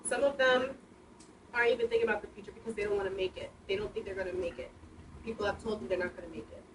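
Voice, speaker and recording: A woman in her twenties, a high school teacher, speaking earnestly and with emotion from the audience. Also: steady tone, very fast. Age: 20s. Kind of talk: audience comment at panel. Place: community bookstore room. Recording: echoey room, distant mic, noticeable noise.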